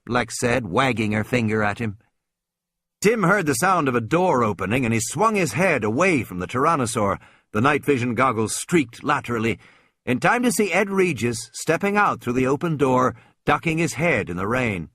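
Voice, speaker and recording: A man's voice: mid-range voice, very animated, moderate pace, fairly bright tone, dry recording, studio quality. A man narrating a suspenseful story as an audiobook reader, with tense, dramatic delivery.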